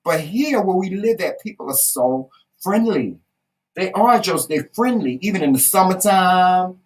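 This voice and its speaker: A woman's voice: lowish voice, lively intonation, normal speed, far from the mic, rough recording. A woman with a Southern American accent, co-hosting a casual chat, telling stories emphatically with salty, folksy asides. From Southern United States. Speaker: co-host.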